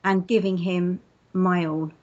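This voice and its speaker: A woman's voice: fairly low pitch, little pitch movement, unhurried, dull audio. Earnest woman with a London accent. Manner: earnest and encouraging, laughs often. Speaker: interview guest. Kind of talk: casual interview talk.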